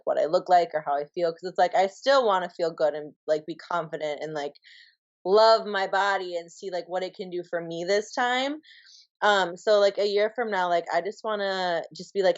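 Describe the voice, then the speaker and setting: A Minnesotan woman talks casually as a podcast guest, leaning on plenty of fillers. Her voice sits a bit low. The recording sounds muffled and lo-fi. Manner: chatty, full of "like" fillers. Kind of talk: casual interview chat. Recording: dull lo-fi sound.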